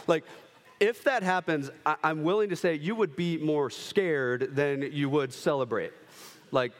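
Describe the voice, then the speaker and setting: Animated man preaching in a reverberant hall. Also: on the high side. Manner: animated, acts out kids and himself in quick bits. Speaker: pastor. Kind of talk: sermon.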